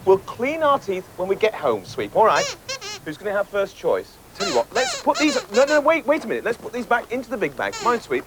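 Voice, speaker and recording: A man hosts a children's comedy, coaxing and chatting to his puppet pals. His pitch rises and falls in a lively way. A noisy background sits behind him. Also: a little fast. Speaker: host and puppeteer.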